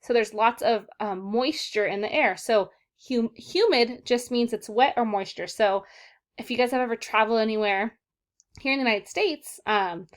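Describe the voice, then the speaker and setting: Young woman teacher, patient and encouraging, leads children through vocabulary words in a video lesson. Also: fairly high pitch. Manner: encouraging, repeats and checks in with "okay, guys?". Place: southern California.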